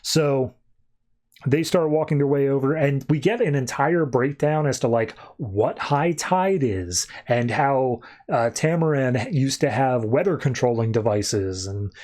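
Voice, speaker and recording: A man's voice: medium pitch, expressive, unhurried, a little mellow. A man hosting a podcast, casually retelling a comic issue in a chatty, loose way with plenty of fillers. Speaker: podcast host. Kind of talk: casual comic book recap.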